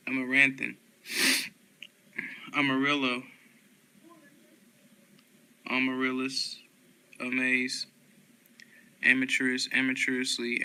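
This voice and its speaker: A man reading a long list of dictionary words aloud one by one, steady and unhurried, with small slips and corrections. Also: mid-range voice, smooth, low-quality recording.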